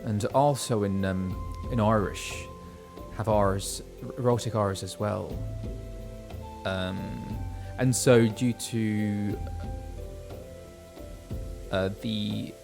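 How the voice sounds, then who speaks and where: A British man chats on a live stream in a loose, rambling way, full of ums and asides. His voice sits on the low side, and music plays steadily behind him. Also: fairly even intonation, very slow, vocal fry, long pauses. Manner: chatty, rambling, full of fillers. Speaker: voice actor streaming a game. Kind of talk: casual live-stream chat. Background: background music.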